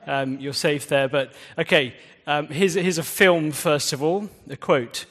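A man gives a sermon in a church, chatting with the congregation and testing them with quiz questions. He speaks at a moderate pace with hardly any pauses, his mid-range voice a bit bright, and the hall echoes around him.

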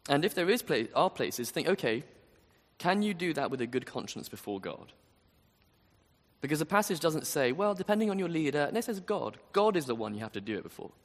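An earnest man preaches a sermon, pressing his points and putting rhetorical questions to the room. His voice sits a little high and swings widely in pitch. The sound carries the long reverb of a big hall. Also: big pitch swings, fairly quick.

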